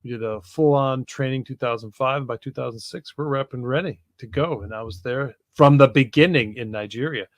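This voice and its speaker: A man from Wisconsin, co-hosting a podcast in casual chat, easygoing and laughing often, with many pauses and uhs. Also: mid-range voice, no echo. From Wisconsin, USA. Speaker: podcast co-host, regional coordinator. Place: home room with books.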